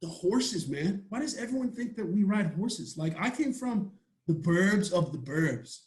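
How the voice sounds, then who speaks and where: A man's voice: high voice, sing-song, unhurried, a little mellow. Laid-back young Texan man, roomy sound. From Texas. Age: young adult. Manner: laid-back, rambling, joking. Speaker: college football player guest. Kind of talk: casual podcast interview.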